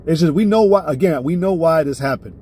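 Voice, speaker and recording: A man's voice: fairly high pitch, brisk, a little hiss or hum. A man teaching a live-streamed religious lesson in a heated, profane way. He keeps checking in with "all right?" and flares up before reining himself in. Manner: flares up loudly, then reins himself in.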